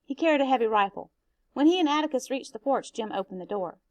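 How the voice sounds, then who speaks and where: A woman's voice: high-pitched, lively intonation, fast talker, darkish tone, no echo. Woman reading a novel aloud. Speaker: teacher.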